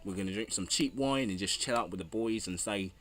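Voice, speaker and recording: A man's voice: on the low side, slight background noise, natural voice. A man voicing a brash, joking young Australian bloke in a put-on Australian accent, rowdy and boastful. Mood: boisterous. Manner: rowdy, boastful, fast and loud.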